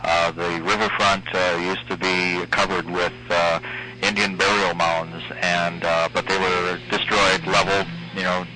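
Very deep-voiced man on radio. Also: flat delivery, rough recording. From Minnesota. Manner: halting, many uhs and restarts. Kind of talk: casual radio call-in conversation. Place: home, calling in.

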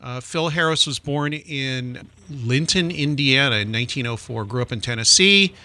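A man's voice: mid-range voice, moderate pace, sharp tone. A man hosting a podcast, chatting casually and sharing facts about old music. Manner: chatty, informative, with restarts. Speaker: podcast host. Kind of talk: casual chat.

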